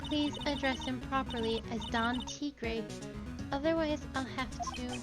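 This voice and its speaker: A woman voicing a creepy, calm young waitress who speaks slowly and quietly. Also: high voice, loud music behind the voice. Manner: slow, quiet, unsettling.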